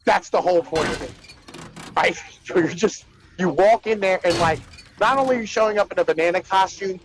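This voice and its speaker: A man co-hosting a casual chat show, retelling comedy bits in an animated, profane way with lots of "like" and "right?". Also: sits high, fairly quick, noisy background. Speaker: podcast co-host.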